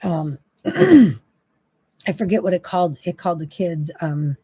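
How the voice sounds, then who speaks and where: A woman's voice: lowish voice, lively intonation, slow pace, warm tone, breathy edge, dry recording. A woman hosting a faith-based monologue, talking in an impassioned, exasperated, preachy way. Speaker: Christian talk host.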